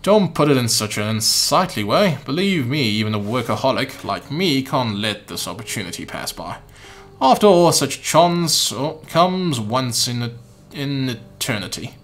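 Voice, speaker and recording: A man voicing a polite, sinister, unaging male figure with a put-on British manner and slow, theatrical delivery while reading game dialogue. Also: fairly high pitch, very animated, a bit bright. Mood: genteel menace. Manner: mock-British, genteel, drawn-out theatrical delivery. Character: polite sinister male being, unaging, in a borrowed boy's body.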